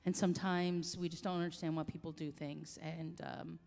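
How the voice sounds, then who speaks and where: A woman in her forties, a singer-songwriter, telling a personal story in a halting, heartfelt way with many restarts. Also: deep voice, level tone, vocal fry, darkish tone. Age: 40s. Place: coffee shop. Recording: long reverb, echoey room.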